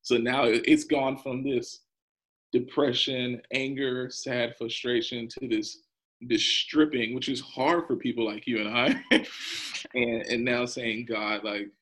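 A man's voice: medium pitch, fairly even intonation, takes it slowly, fairly bright tone, rough recording. A man, a pastor, speaking earnestly and openly in a podcast interview about his faith and hard times, with a nervous laugh now and then.

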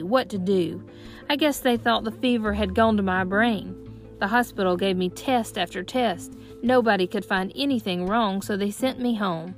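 A woman's voice: mid-range voice, close to an everyday voice. A woman voicing a proud, bossy boy from long ago who talks in scornful, old-timey phrases in an audiobook. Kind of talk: audiobook narration.

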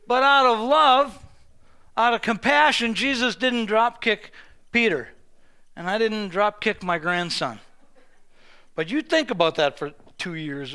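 An older man preaching a lively sermon, telling stories with acted-out voices and humor, often restarting and repeating words. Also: sits high, clean tone. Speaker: pastor.

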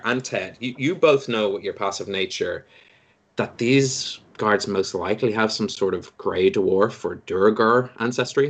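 Low-voiced man running a tabletop game. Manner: relaxed, wry, rambling with restarts. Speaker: game master.

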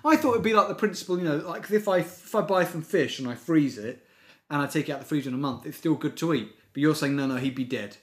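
A man co-hosting a comedy podcast, talking in a quick, animated, jokey way. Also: fairly high pitch. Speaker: podcast co-host. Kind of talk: casual comedic chat.

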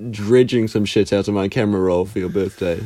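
A man's voice: on the low side, a little fast, warm tone. A man teasing his co-host in casual chat, laughing often. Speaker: podcast co-host.

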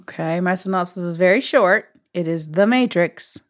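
A woman's voice: on the low side, moderate pace. Playful woman podcast co-host. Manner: playful, laughs easily. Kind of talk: casual movie review chat.

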